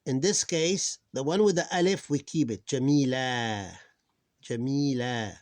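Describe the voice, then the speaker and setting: A man teaching an informal recorded lesson on reading, patiently repeating words slowly and often correcting himself, sounding tired. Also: on the high side, darkish tone.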